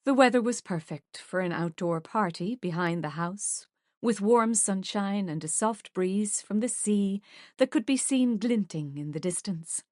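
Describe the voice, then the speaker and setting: A woman reads a romance audiobook in measured, even narration at a middle pitch. The recording is close and dry, with no room echo. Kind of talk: scripted narration.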